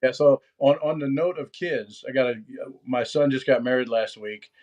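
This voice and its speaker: A man's voice: mid-range voice, normal speed, highs cut off, crowd noise. A middle-aged American man, a podcast guest, talking casually and rambling with many restarts and fillers. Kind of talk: casual chat.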